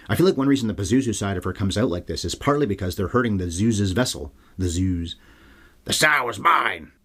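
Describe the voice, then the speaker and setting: A solo film review podcast hosted by a man with a deep, slightly rough voice. His talk is casual, irreverent and profane, peppered with wry sarcastic asides.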